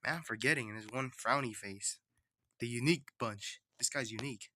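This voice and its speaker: A man's voice: mid-range voice, a little fast, background noise. A man streaming while he draws and animates, talking to himself in a rambling, chatty way. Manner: rambling, chatty self-talk. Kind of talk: casual livestream chat.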